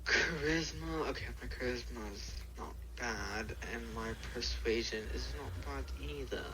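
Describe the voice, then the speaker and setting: A man's voice: medium pitch, unhurried, background noise. A man playing a tabletop game in casual, swearing table talk. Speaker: player.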